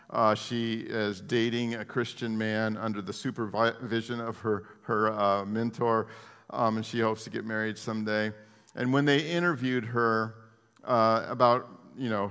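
A man, a pastor, preaching a sermon in a conversational, animated way, with many fillers and restarts. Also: on the low side, clear, resonant tone, in a large hall.

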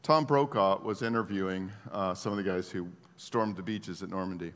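Gravelly-voiced preacher in a reverberant hall. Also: male voice, low-pitched, normal speed, a bit bright. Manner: laughs at his own asides. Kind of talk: sermon.

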